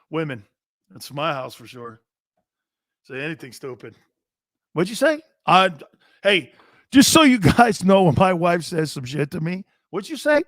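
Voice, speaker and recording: A man's voice: on the high side, a bit bright, dry recording, studio quality. A middle-aged man hosting a sports talk show, blunt and profane, joking with his chat. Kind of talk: loud, brash sports talk.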